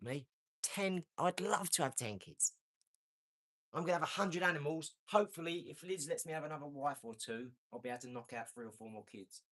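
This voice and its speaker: A man, hosting a casual live stream, brash and boastful, with slang and swearing, swinging from loud outbursts to low mumbling. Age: 40s.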